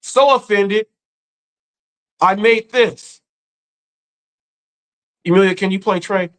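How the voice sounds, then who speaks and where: A man with a fairly high voice, grieving as he talks on a live stream. His delivery is earnest and halting, full of restarts and repeated words, as in an unscripted emotional talk. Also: a bit bright, low-quality recording. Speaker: live-stream commentary host.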